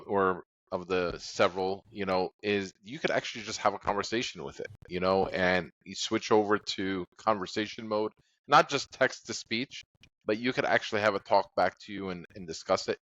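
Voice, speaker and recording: A man's voice: fairly low pitch, steady tone, brisk, fairly bright tone, no echo. A man in casual podcast chat who rambles with many fillers and laughs at his own stories. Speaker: podcast co-host. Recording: dull lo-fi audio.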